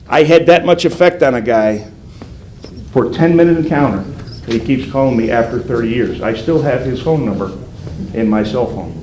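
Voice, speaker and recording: An older man, a federal agent, telling a story to police recruits and acting out the voices he quotes. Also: medium pitch. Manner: animated, acts out quoted voices. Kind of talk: storytelling speech. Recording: roomy hall sound, faint background noise.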